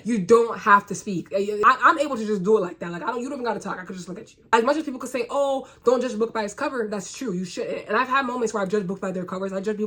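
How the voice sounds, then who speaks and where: A woman's voice: a little high, a bit bright, breathy edge. Blunt, profane young woman ranting. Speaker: vlogger. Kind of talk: casual ranting monologue to camera.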